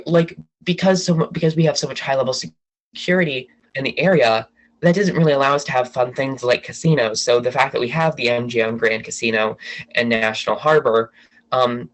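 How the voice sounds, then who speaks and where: A man's voice: medium pitch, low-quality recording. A man from the DC area, a podcast guest chatting casually and rambling through gossip with many restarts. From Washington DC area. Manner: chatty, rambling, self-correcting.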